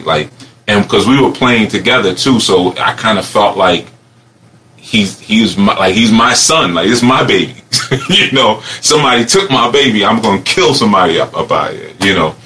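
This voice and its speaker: A man with a very low voice and a forceful, bright edge tells a reflective personal story. His delivery is rambling and animated, and he laughs often along the way. Faint background noise sits under his voice. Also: normal speed.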